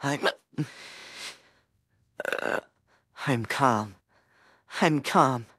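A woman's voice: rumbling low, animated, drawn-out words, fairly bright tone, breathy edge, no room sound, clean studio sound, heavily acted. A woman voicing a flustered teenage boy hero-in-training, rambling anxiously and talking himself up in a listener role-play. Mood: pleading. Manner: rambling, anxious, self-encouraging.

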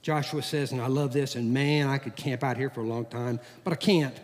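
A middle-aged man, a pastor, preaching a sermon in a church, with a folksy, animated manner and homey everyday stories. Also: mid-range voice, fairly quick. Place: church sanctuary. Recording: long hall reverb.

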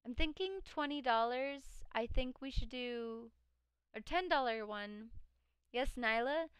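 A woman's voice: a little high, expressive, slow pace, a bit bright, clean tone, no echo. A woman live streamer chatting casually with her viewers and reading out chat. She sounds tired, her voice cracking now and then. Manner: chatty, reads chat aloud, frequent laughs.

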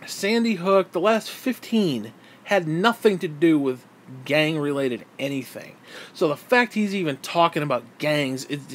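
A man's voice: fairly high pitch, husky. A man giving a heated, exasperated political rant to camera, swearing freely. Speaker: vlogger.

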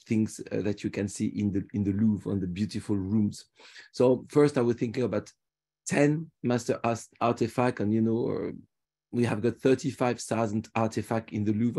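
French-accented man, low mellow voice, chatty tour guide, video call. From France. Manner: chatty, restarts often. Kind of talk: live virtual tour talk.

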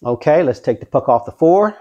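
A man vlogging his craps practice, talking viewers through each throw with excitement. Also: fairly high pitch, a little fast, highs cut off. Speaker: dice-control craps vlogger. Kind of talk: casual play-by-play while throwing dice.

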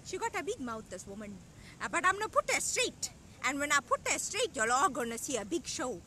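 A woman's voice: high voice, big pitch swings, a little fast, bright, forceful tone, a little hiss or hum, heavily acted. A woman playing a scheming, quarrelsome sister-in-law who acts innocent and whines. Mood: whiny, mock-innocent. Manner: whiny, mock-innocent, quarrelsome. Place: outdoors at a beach.

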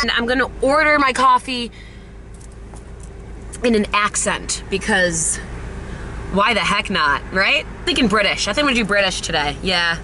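A woman's voice: mid-range voice, expressive, a little fast. A young woman vlogging from her car in a chatty, self-mocking way. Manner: self-mocking, chatty, baby talk to pets. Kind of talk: casual vlog chat. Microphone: handheld camera. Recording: car noise behind.

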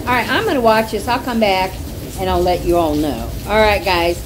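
A woman's voice: medium pitch, normal speed. A woman chatting casually to camera at home, frank and folksy, swearing freely. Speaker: vlogger. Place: home, porch and pool area in rain. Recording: rain noise clearly behind.

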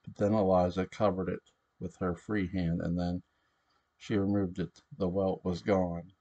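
A man reading a story aloud, unhurried, stopping now and then to correct his own slips. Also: low-pitched, flat delivery, mellow, highs cut off.

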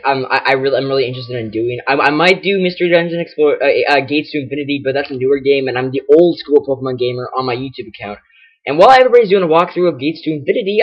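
Male game walkthrough host: husky, a bit high, rambling casual commentary. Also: fairly bright tone, rough recording. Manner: rambling, stumbling, reads on-screen text aloud.

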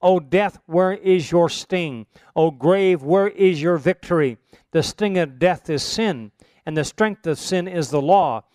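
A man's voice: a little high, measured pace, a little mellow, dry recording, studio quality. A man teaching a sermon, reciting Bible verses emphatically with rising, stressed phrases. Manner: emphatic, rises for scripture quotes.

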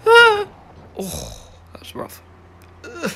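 A man narrating his own gameplay, his voice bright and full of swooping ups and downs. He speaks slowly and unhurried, mumbling to himself between excited squeals and bursts of laughter. The whole thing is casual let's play commentary. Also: mid-range voice, a little hiss or hum. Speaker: gaming video host.

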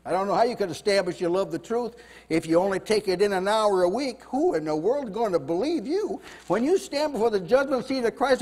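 A fervent male preacher with a very high voice, delivering a sermon in a room with a long, ringing reverb. His voice climbs and gets loud when he acts out quoted speakers. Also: lively intonation, fairly quick. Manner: fervent, rises loud when voicing God and Moses. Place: house church meeting room.

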